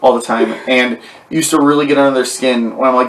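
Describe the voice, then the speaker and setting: A man's voice: mid-range voice, fairly even intonation, a little fast, a bit bright, slight background noise. Male podcast host, casual rambling talk, fillers and restarts, echoey room, far from mic. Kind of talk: casual conversation. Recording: roomy, distant mic.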